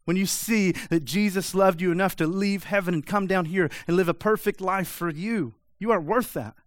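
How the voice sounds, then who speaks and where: This pastor's sermon keeps hammering listeners with rhetorical questions in an urgent, straightforward way. He speaks in a high voice at a moderate pace, captured on a dry recording.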